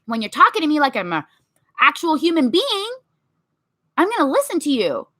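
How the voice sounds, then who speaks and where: Bright, animated woman vlogger. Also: high voice, moderate pace, no echo. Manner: animated, emphatic, acts out quotes. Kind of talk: motivational vlog talk to viewers.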